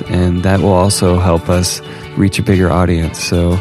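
Lower-voiced man reading a show outro. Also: flat delivery, moderate pace, music in the background. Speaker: podcast co-host. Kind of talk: casual discussion and show outro.

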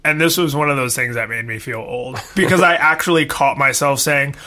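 A young man co-hosting a podcast in casual chat, full of fillers and quick asides. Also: medium pitch, sharp tone. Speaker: podcast co-host.

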